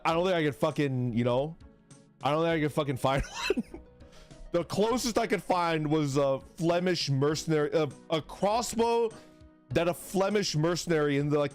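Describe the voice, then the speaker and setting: Lively, animated young man chatting casually. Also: normal speed, faint music behind. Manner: rambling, laughing, swearing, acts out voices in a high yell. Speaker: streamer. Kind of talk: casual chat stream.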